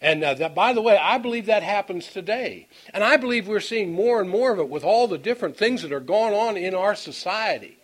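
A man with a notably high voice teaches from scripture in a sermon. He reads the verses slowly and with weight. Between them he drifts into homespun anecdotes, stumbling and repeating himself as he hunts for words. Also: lively intonation. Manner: folksy, storytelling asides; halting, repeats words while finding them. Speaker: preacher.

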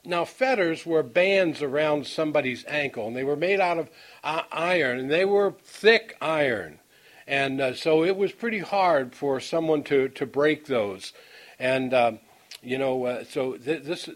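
Man, high-pitched, preacher, bible-study sermon, slow scripture reading, folksy asides, halting repeated words. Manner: halting, repeats words while finding them.

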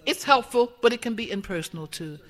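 A woman's voice: on the high side, expressive, brisk. A woman giving a conversational sermon in a church, putting questions to the congregation. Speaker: church speaker.

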